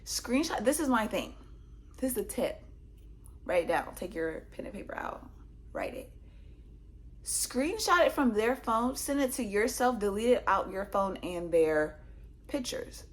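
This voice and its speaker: Animated young woman telling a story. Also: mid-range voice. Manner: animated, talks to viewers, acts out quotes. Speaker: vlogger. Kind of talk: casual storytime.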